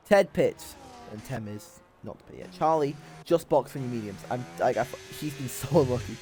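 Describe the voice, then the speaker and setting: A young man giving excitable, sweary live commentary on a sim race while bantering with his chat. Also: mid-range voice, a little fast, few pauses, faint music behind.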